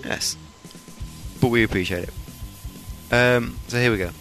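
A man's voice: medium pitch, slow pace, gravelly, long pauses, a bit bright, faint music behind. A man from the UK co-hosting a podcast, giving dry, laid-back replies and reading out listener mail. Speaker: podcast co-host. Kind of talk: casual comedy chat.

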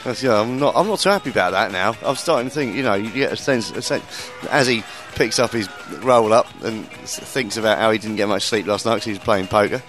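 A man in his late thirties, a comedian hosting a podcast, telling stories in casual chat, swearing freely and mimicking people in a high voice. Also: fast, few pauses, a bit bright, soft background music. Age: 30s.

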